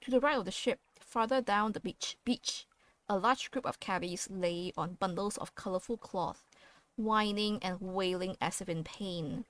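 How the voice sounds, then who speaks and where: A woman's voice: medium pitch, measured pace, fairly bright tone. A woman playing a story game, reading its text aloud and chatting about her choices in a playful way. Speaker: let's play host.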